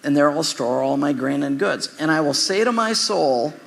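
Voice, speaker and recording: A man's voice: fairly high pitch, expressive, moderate pace, gravelly, long reverb tail. A man preaching a sermon in a loose, conversational way, with asides and repeated words. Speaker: pastor.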